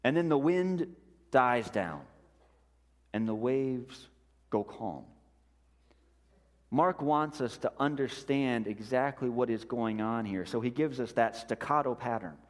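A male pastor delivers a sermon at a mid pitch, slow and deliberate, with his voice falling quiet on the words he stresses. Long reverb from a large church hall trails after each phrase. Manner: slow, deliberate, dropping softly on key words.

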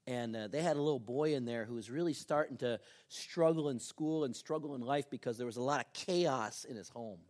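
A man preaching a sermon as pastor, telling a story with lively ups and downs and soft, earnest appeals. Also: mid-range voice, fairly quick, few pauses.

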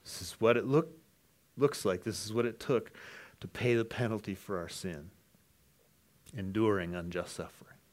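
A man preaching an earnest sermon, dropping to hushed lines and then rising to loud, emphatic ones. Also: on the low side, moderate pace, long pauses. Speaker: pastor.

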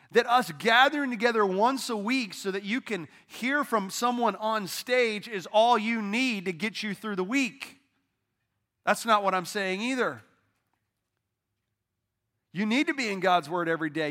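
On a church stage, a middle-aged pastor delivers a sermon in a lively, conversational style, drawing the congregation into call-and-response. His voice is high for a man, with a bright, forceful edge.

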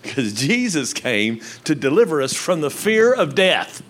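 An older man preaching a sermon to his congregation on a handheld microphone. He swings from low, quiet asides to loud, emphatic lines. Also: sing-song, a little slow. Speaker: pastor. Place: church with live congregation.

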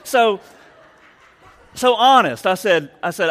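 A man's voice: high voice, big pitch swings, unhurried, fairly bright tone. A man in his forties preaching a sermon, chatting with the congregation and telling a story with plenty of questions to the crowd. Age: 40s. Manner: conversational storytelling with audience questions. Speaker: pastor.

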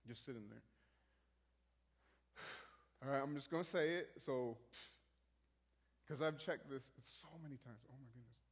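A man telling a story in a rambling, halting way, full of restarts, as a minister sharing a testimony. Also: mid-range voice, husky, big-room sound.

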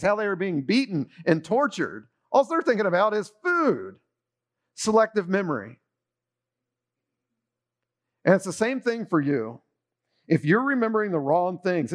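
A middle-aged male pastor delivering a sermon with a slightly higher voice than most men. He speaks in an easy, conversational way and keeps turning to the congregation with questions. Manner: conversational preaching, asks the audience questions.

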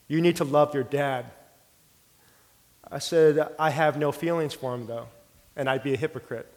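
Earnest middle-aged pastor in a reverberant hall. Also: male voice, a little high. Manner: earnest storytelling, drops soft for quoted prayer. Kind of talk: sermon with personal testimony.

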